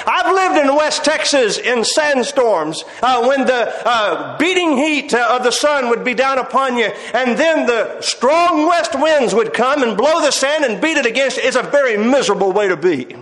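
A high-pitched male preacher delivers a sermon with emphatic, drawn-out phrasing and quiet chuckles. His voice rings through a roomy hall with a lot of echo. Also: lively intonation.

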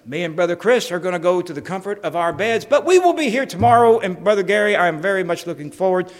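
Pastor, folksy sermon delivery, animated, long hall reverb. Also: male voice, high voice, fast talker. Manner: folksy, jokey, acts out conversations.

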